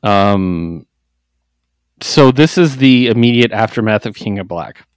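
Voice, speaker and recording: A man co-hosting a casual podcast, recapping comics in an animated way, jumping into quick character voices and laughing often. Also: fairly low pitch, clean tone, no echo. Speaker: podcast co-host. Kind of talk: casual comic book chat.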